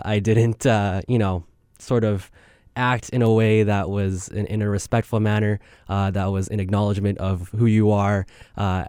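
A man's voice: lowish voice, darkish tone, clean tone, dry recording, studio quality. Young man rambling through a podcast intro. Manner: rambling, self-deprecating, lots of ums. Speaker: student podcast host. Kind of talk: casual spoken intro.

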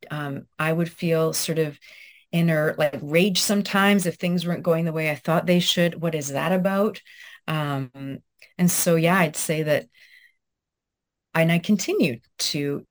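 Thoughtful female author, thirties, lowish voice, hesitant and reflective. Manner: soft, reflective, with many hesitations and restarts. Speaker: guest author. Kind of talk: conversational interview, then reading her own essay aloud.

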